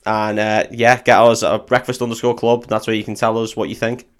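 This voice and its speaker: A man's voice: lowish voice, level tone, fairly quick, clear, resonant tone. A young man co-hosting a podcast, talking in casual, teasing banter and often restarting his sentences. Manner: jokey, teasing, trails into restarts. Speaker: podcast co-host.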